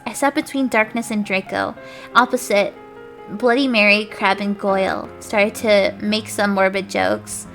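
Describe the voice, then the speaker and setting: A woman's voice: medium pitch, unhurried, vocal fry, soft background music. Laughing young woman streamer reading aloud. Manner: animated mock-dramatic reading, stumbles over words, laughs.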